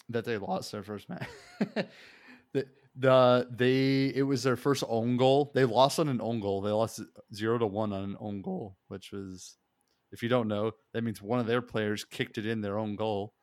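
A man's voice: mid-range voice, fairly even intonation, measured pace, no echo, clean studio sound. A man chatting casually on a podcast, rambling and laughing often, swearing freely. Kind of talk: casual chat.

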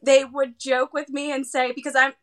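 A woman in her thirties, telling a personal story in a conversational interview, animated and full of fillers. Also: sits high, moderate pace. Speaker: guest, heart patient's parent.

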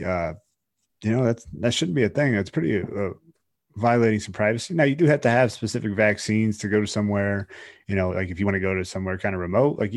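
A man's voice: on the low side, no room sound, clean studio sound. A man co-hosting a podcast, talking loosely and casually, full of fillers. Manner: loose, talkative, peppered with "like" and "uh". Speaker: podcast co-host.

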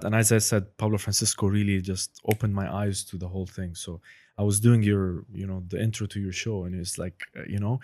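A man's voice: deep voice, little pitch movement, fairly quick, a little mellow. A man in his thirties, a guest in a casual interview, rambling and searching for words.

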